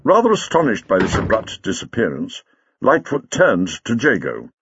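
A man narrating a story in an expressive, dramatic reading style, on a dull lo-fi recording. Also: deep voice, moderate pace, breathy edge, dry recording. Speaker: audiobook reader. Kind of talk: scripted narration.

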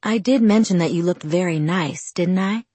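A woman voicing a stubborn, grumpy injured teenage girl who mumbles her replies, a bit higher than her narration. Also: moderate pace, warm tone, husky, dry recording.

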